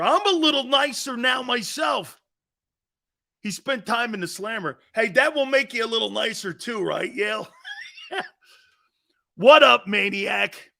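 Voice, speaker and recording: A middle-aged man hosting a sports talk show in casual chat, animated and loud at times, rambling and calling out to his crew. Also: high-pitched, vocal fry. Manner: animated, loud bursts, calls out to studio crew; rambling, repeats words and restarts.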